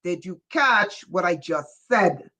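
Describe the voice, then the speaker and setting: A livestream host reading viewer chat, who gets excited and raises their voice, often breaking off with "whoa" and asking listeners whether they follow. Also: medium pitch, slow. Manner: breaks off with repeated "whoa" and "wait". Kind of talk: casual livestream talk to viewers.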